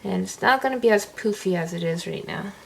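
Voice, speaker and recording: A woman's voice: medium pitch, fairly quick, gravelly, a little hiss or hum. A young woman vlogging casually, telling a story in a rambling way full of "like". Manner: rambling, heavy use of "like".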